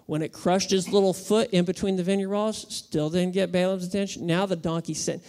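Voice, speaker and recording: A pastor delivering a sermon in a relaxed, conversational way. They mix humor with emphatic points and speak at a mid pitch. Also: fairly quick.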